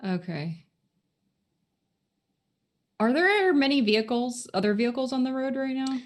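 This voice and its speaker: Slow-spoken woman asking questions. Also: sits high, lively intonation. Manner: questioning, deliberate. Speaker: player. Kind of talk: tabletop game play.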